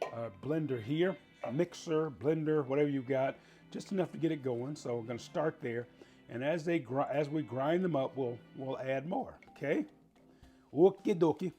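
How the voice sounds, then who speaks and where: A middle-aged man with a warm, husky, mid-range voice hosts a casual cooking show. He's chatty and playful, speaking directly to his viewers while he cooks.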